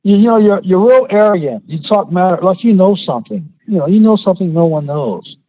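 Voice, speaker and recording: A man's voice: sits high, lively intonation, fairly quick. A man in his fifties, a regular caller to a radio show, taunting and arguing, on a phone line. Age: 50s. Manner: taunting, laughing, argumentative. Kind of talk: heated call-in radio argument.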